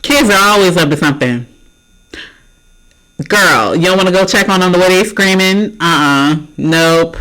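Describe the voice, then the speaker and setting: A reaction host talking back at a video, animated and laughing, swearing freely and speaking straight to the viewers. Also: medium pitch, normal speed, low-quality recording. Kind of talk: loud reaction commentary.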